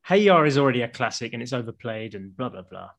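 A man's voice: medium pitch, lively intonation, fast, creaky, a bit bright. A man from England, a podcast guest bantering bluntly and cheekily. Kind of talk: casual chat.

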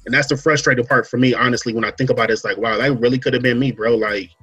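A man hosting a podcast, talking through a story in a relaxed casual way, full of fillers and asides. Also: medium pitch, racing, husky, soft background music. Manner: relaxed storytelling, many fillers and "you know what I'm saying". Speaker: podcast host. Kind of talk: casual chat.

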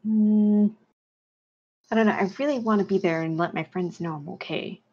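Husky young woman playing a game, lo-fi. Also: mid-range voice, moderate pace. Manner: enthusiastic, hesitant in-character chat. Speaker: player.

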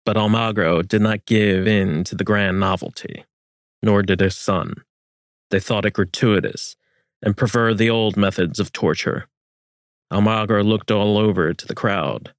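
Slow, low-voiced male narrator. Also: no echo, studio quality. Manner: measured, solemn storytelling. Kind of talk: scripted narration of historical fiction.

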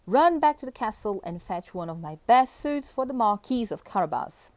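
A woman's voice: mid-range voice, sing-song, normal speed, a little mellow, no echo, lightly acted. A woman voicing a jolly, greedy old king who speaks pompously and gives orders, in a dry storybook reading. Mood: commanding.

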